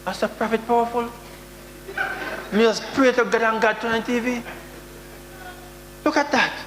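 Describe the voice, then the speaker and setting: A man with a Jamaican accent preaching a sermon, with sudden loud outbursts and mock prayers. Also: extremely high pitch, little pitch movement, fairly quick. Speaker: prophet preaching. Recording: echoey hall with faint hum.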